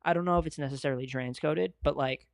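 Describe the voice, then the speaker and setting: A young man hosting his own podcast, talking in a casual, excitable and profane way and gushing about favorite songs. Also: on the high side, quick pace, vocal fry, dry recording, clean studio sound. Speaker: podcast host. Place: home studio at a desk.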